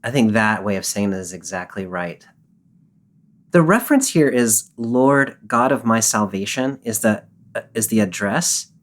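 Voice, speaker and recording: Measured man explaining scripture. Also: fairly low pitch, animated. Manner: measured, explanatory, quotes verses. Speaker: podcast co-host and Bible scholar. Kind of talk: casual discussion.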